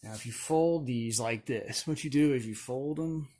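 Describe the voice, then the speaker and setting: A man's voice: mid-range voice, moderate pace, dark tone. A man talking casually on a home vlog, rambling with conspiratorial asides and frequent chuckles, filmed on a camera on a stand. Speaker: video creator. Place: indoors at home.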